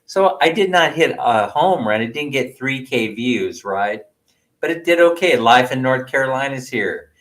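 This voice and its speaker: Brief: American man, livestream host, casual, teasing and rambling, mid-pitched, laughs at his own story. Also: lively intonation, normal speed, a bit bright.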